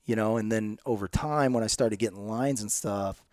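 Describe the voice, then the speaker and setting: A man from Illinois, a guest actor telling stories in a casual, animated way with casual swearing. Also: lowish voice, normal speed, dry recording, clean studio sound. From Illinois, USA. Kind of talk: casual podcast chat.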